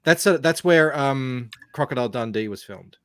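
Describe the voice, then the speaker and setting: Australian male podcast host, casual and talkative, mid pitch, very dry close mic. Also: expressive, normal speed, smooth, no room sound. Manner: chatty, explains with asides. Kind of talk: casual chat.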